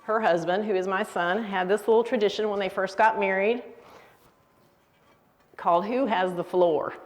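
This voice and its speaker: An older woman teaching a women's Bible study, lively and acting out example phrases. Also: mid-range voice, moderate pace. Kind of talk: teaching talk. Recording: reverberant hall.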